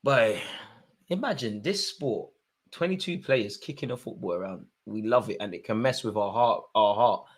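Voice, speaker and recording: A young man giving excitable live commentary on a football match, shouting at players and the referee. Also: on the low side, normal speed, slightly rough. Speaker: football fan channel host.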